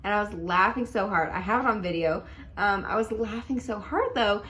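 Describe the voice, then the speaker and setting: A young woman casually telling a dating story at home in a chatty, animated way, full of likes and ums. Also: medium pitch, normal speed. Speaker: vlogger.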